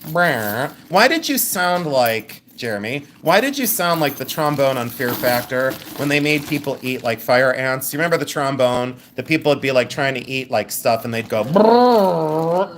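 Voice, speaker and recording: A woman hosting a live jewelry sale stream, chatting in a rambling way and thinking out loud as she shows each piece. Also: extremely low pitch, lively intonation, normal speed, hardly any pauses, slight background noise. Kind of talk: live sales stream chat.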